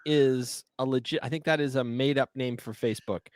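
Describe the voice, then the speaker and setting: A man's voice: mid-range voice, fairly even intonation, fairly quick, no echo. A middle-aged man co-hosting a live talk show, telling stories and teasing his partner in a dry, wry way. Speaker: co-host of a live paintball show. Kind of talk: casual live-stream banter.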